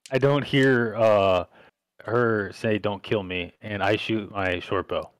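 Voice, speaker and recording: A man playing a tabletop game, excitable. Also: fairly low pitch, takes it slowly, no room sound. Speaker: player. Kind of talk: casual tabletop game chat.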